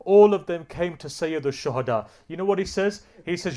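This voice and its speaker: A man preaching an emotional sermon story, swinging from hushed low tones to loud, impassioned climaxes and asking the audience rhetorical questions. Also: animated, moderate pace.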